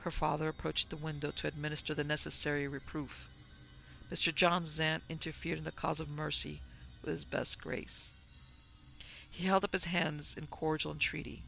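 A man narrating a classic novel as an audiobook in an even, formal storytelling manner. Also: on the high side, moderate pace, creaky, soft background music.

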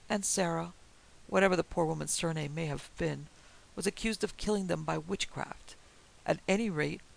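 A man voicing a gentle, white-haired elderly minister who speaks in a mild, measured, slightly apologetic way. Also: fairly high pitch, creaky, rough recording.

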